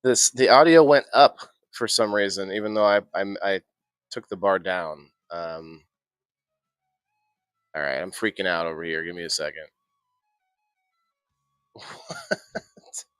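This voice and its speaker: This indoor gardening live stream has a dry, studio-quality sound with faint music underneath. The host's low, smooth voice moves at normal speed as he rambles and chats, often restarting and laughing.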